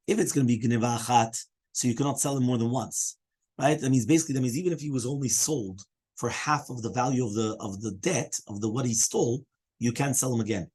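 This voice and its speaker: The man here is a rabbi leading Talmud study, a fast talker with a husky, darkish mid-range voice. He lays out the reasoning step by step, handles questions from students, and frequently checks in with "right?".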